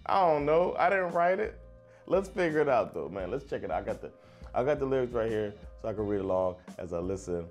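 An American man hosting a casual reaction video, talking in lively, rambling asides and laughing often. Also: lowish voice, quick pace, faint music behind. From United States.

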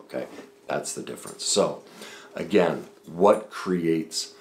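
A man's voice: very deep voice, takes it slowly, echoey room, a little hiss or hum. A man giving relationship advice straight to the viewer, emphatic and driving his points home with repeated lists. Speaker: relationship coach. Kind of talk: direct-to-camera advice talk.

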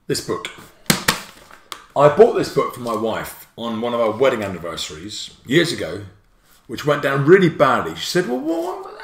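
A man giving a playful, jokey livestreamed spelling lesson, full of quick asides. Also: mid-range voice, fairly bright tone, echoey room. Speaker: spelling teacher.

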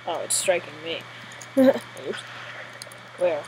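A woman commentating her own gameplay live, excitable and jittery, often giggling. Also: lowish voice, slow pace, noisy background. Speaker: gamer.

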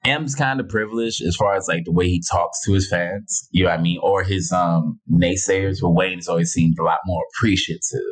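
New guy, kinda low husky voice, animated podcast chat about rap. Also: a little fast, hardly any pauses. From Harlem, New York. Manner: animated, quotes rap bars with relish. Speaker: comedian guest.

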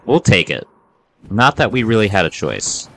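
A man commenting on his own video game run, voice swinging widely in pitch and bright in tone, lowish overall. He banters playfully at himself, with faint game music behind him. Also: very animated, moderate pace, vocal fry. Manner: playful, self-mocking banter. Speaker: gaming video host. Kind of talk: let's play commentary.

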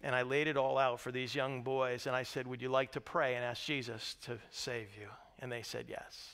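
A man preaching a sermon as pastor, swinging from hushed, quiet words to loud, shouted storytelling. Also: mid-range voice, level tone, normal speed, clear, resonant tone. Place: church sanctuary. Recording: reverberant church hall.

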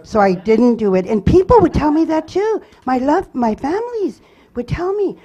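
Mellow-voiced woman giving a testimony. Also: on the high side, very animated, husky, dull audio. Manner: earnest, halting storytelling with many restarts. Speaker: church member giving testimony. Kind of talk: personal testimony.

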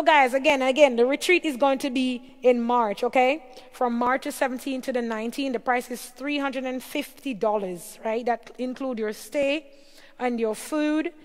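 A woman hosting a casual livestream, reading out viewers' names one by one, her voice a little tired. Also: high voice. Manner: reads out viewer names and greets them warmly one by one. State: voice tiring. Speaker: livestream host. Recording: long hall reverb.

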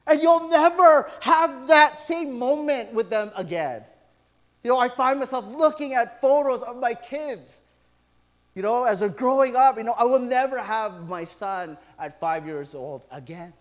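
A middle-aged man preaching from the pulpit in a fairly high voice. He tells stories with animated asides, acting out what people said. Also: a little slow. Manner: animated storytelling with quoted asides. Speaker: pastor. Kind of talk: sermon.

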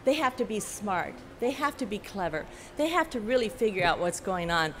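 An older woman author talking to an audience at a book festival, telling animated stories with frequent "you know" and laughing at her own anecdotes. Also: medium pitch, normal speed, a little hiss or hum. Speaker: author giving a talk. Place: large hall at a book festival. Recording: echoey hall with faint ambience.

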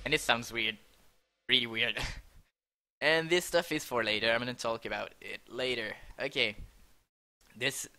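A man's voice: mid-range voice, bright, forceful tone. A young man casually walking through how he built a track, often stopping to correct himself and laughing at his slips. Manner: halting, self-correcting, laughs at own slips. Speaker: music producer explaining his track. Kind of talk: casual screen-recorded tutorial.

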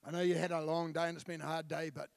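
Gravelly high-voiced New preacher. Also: male voice, little pitch movement, fast talker, dry recording, studio quality. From New Zealand. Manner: blunt, colloquial preaching with frequent restarts and asides to the congregation. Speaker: pastor. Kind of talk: sermon. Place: church.

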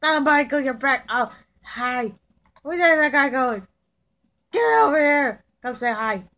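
A woman's voice: high-pitched, measured pace. Tails voiced by a woman, a hyper young fox. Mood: pushy. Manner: excitable, bouncy, keeps shouting questions at passers-by. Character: hyper young male fox kid, cheerful and pushy. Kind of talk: in-character game commentary.

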